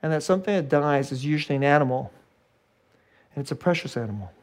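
A preacher working through a sermon with lively swings in pitch and volume. The delivery repeats words and restarts phrases, with small chuckles between points. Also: fast talker. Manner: animated, swinging from loud high emphasis to hushed low delivery.

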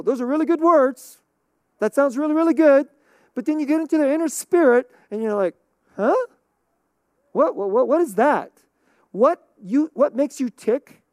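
A woman's voice: on the high side, dark tone, no room sound, clean studio sound. A middle-aged woman pastor preaching a conversational sermon, laughing often and checking in with "okay?".

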